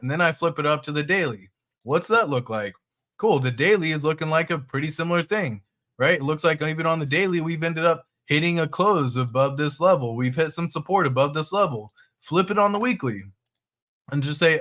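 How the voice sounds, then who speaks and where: A man's voice: a little high, a little fast, fairly bright tone. A man hosting a crypto livestream, talking loosely through charts and reading viewer chat, with the odd swear.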